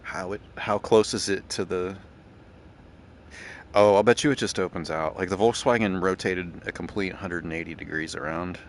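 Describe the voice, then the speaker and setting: A man's voice: low-pitched, moderate pace, a little hiss or hum. A man casually thinking aloud and rambling while playing a driving game. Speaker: gaming channel host. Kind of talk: casual gameplay commentary.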